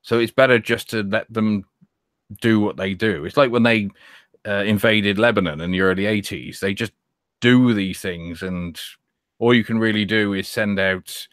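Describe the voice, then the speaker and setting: Sardonic man, low voice, dry sound. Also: a bit bright, dry recording. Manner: sardonic, teasing, swears freely. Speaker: host. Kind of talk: casual podcast banter.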